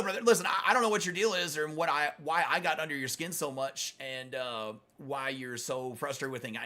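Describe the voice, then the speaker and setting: A man's voice: mid-range voice, bright, forceful tone. A middle-aged man hosting a live gaming stream, chatting with viewers he calls brother, blunt and profane when answering trolls, close to his microphone. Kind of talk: live stream chat while playing.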